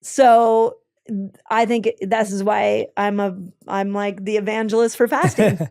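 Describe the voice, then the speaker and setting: A woman with a gravelly, fry-edged voice at a middle pitch talks through health advice as an interview guest. She is enthusiastic and methodical, often restarting sentences. Her tone stays conversational throughout. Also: flat delivery, unhurried, a little mellow. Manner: enthusiastic, explains step by step, many ums and restarts. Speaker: health expert guest with a clinic. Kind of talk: conversational explanation.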